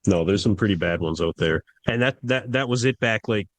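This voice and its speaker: A man's voice: fairly low pitch, fairly quick, no echo. Laid-back joking man, dry sound. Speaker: podcast co-host. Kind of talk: casual podcast chat.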